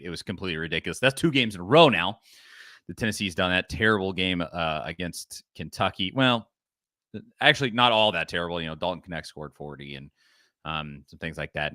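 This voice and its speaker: A man hosting a casual sports podcast, chatting with laughs and rattling through ad reads quickly. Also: low-pitched, no room sound, clean studio sound. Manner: lively, laughing, reads ad copy fast. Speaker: podcast host.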